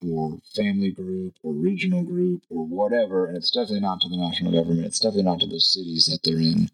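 A man's voice: deep voice, expressive, quick pace, creaky, poor audio. A man talking casually through his views in a rambling monologue, thinking aloud and checking in with "right?" as he goes. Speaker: podcast host.

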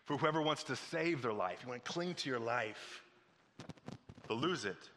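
Bright-voiced male pastor in a reverberant hall. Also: mid-range voice, normal speed, slight background noise. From Missouri. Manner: animated storytelling, drops to a soft hush for appeals. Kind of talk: sermon.

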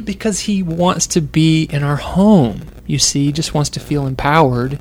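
A man's voice: a little high, a little slow. A man telling a parenting story, acting out quotes and often laughing, in a casual conversation. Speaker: parent sharing advice. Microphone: close to the microphone.

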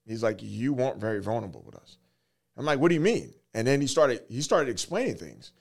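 A man in his forties telling a personal story earnestly, in halting phrases, holding back tears. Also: mid-range voice, very animated, vocal fry. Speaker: guest, fatherhood program worker.

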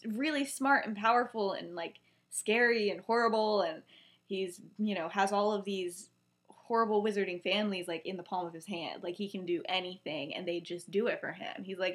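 A young woman casually retelling a story on a podcast, chatty and full of "he's like" quotes. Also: medium pitch. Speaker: podcast co-host.

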